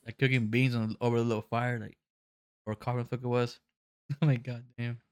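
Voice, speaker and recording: A man's voice: mid-range voice, little pitch movement, a little fast, clean tone, no echo. Slangy young man chatting casually. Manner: slangy, laughing, swearing. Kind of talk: casual chat.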